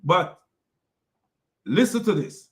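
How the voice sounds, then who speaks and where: A man delivering ranting commentary with a mocking edge, chuckling at what he describes. His voice sits a little higher than most men's. He talks loosely and repeats himself as he goes. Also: lively intonation, slow pace, a bit bright. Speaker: commentary host. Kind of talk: reaction commentary on clips.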